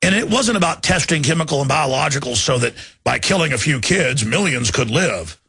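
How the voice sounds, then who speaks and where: A male radio host pours out fervent, impassioned commentary that swells toward shouting. His voice is gravelly and husky at a middle pitch. The sound is dry and close to the mic. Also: animated, brisk, no room sound. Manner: fervent, building to shouted outrage. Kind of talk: ranting political commentary.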